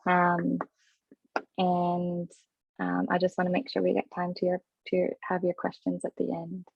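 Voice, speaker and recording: Fast-talking woman hosting a parenting webinar. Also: on the low side, monotone, gravelly, breathy edge, no echo. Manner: quick, with many fillers and restarts. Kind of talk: webinar talk. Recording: dull, dry webinar audio.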